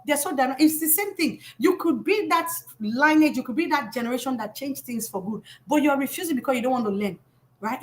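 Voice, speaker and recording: A middle-aged Nigerian woman, a financial coach giving a live motivational talk in an animated, emphatic way that scolds with humor. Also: high voice.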